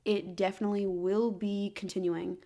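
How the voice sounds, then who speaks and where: A woman's voice: medium pitch, little pitch movement, normal speed, dark tone. Young woman doing wry comedic book commentary. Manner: wry, exasperated and dramatic. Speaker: book reviewer.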